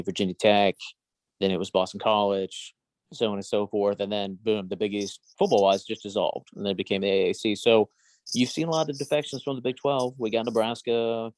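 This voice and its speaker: A man's voice: on the low side, no room sound. A man co-hosting a podcast in casual sports chat, rambling and hedging through trivia asides. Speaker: podcast co-host.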